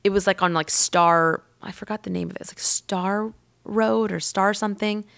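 A woman podcast host telling a rambling personal story in casual chat, with lots of "like" and lively acted-out quotes. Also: medium pitch, moderate pace, vocal fry, clear, resonant tone. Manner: chatty and rambling, heavy use of "like"; lively, acts out quoted people.

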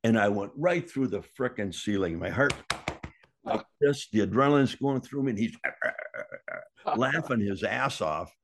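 Lively storytelling man, lowish voice. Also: measured pace. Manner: animated, acts out quoted voices with big pitch jumps. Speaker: storyteller guest. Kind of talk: casual anecdote telling.

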